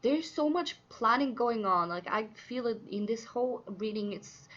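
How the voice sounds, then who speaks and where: A woman doing a casual tarot card reading, chatty and earnest, with many fillers and sudden excited outbursts. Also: on the high side, normal speed, highs cut off. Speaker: tarot reader.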